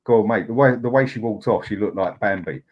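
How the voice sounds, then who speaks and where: A man's voice: fairly low pitch, brisk, darkish tone, breathy edge, muffled recording. A man with a London accent, co-hosting a casual football podcast and telling blokey, sweary anecdotes. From London, England. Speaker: podcast co-host.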